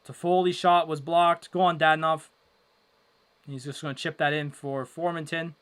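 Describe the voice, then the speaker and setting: A young man hosting a casual live hockey watchalong, rambling with lots of fillers and breaking into loud exasperation. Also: a little high, little pitch movement, moderate pace, smooth. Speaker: livestream watchalong host.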